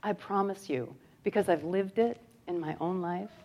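Woman spiritual teacher, expressive sermon delivery, slow emphatic repetition. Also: lowish voice, a little hiss or hum. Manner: expressive, swings from soft to loud. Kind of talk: sermon with storytelling.

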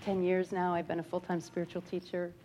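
A woman spiritual teacher giving a sermon that mixes stories with slow, repeated emphatic lines, moving between soft and loud. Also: fairly low pitch, a little hiss or hum. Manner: expressive, swings from soft to loud. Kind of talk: sermon with storytelling.

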